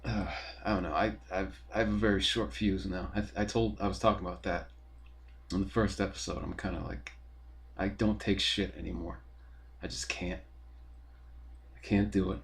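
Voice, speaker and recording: A man's voice: deep voice, level tone, normal speed, vocal fry, pauses often. A man hosting a podcast from his apartment, ranting in a rambling, profane and exasperated way. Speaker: podcast host. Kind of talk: casual ranting monologue.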